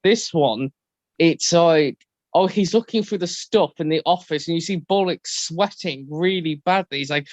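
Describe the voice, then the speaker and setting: A man's voice: moderate pace, no echo. A man co-hosting a casual podcast discussion, rambling and acting out quotes. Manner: rambling, acts out quotes in high voices. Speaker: podcast co-host.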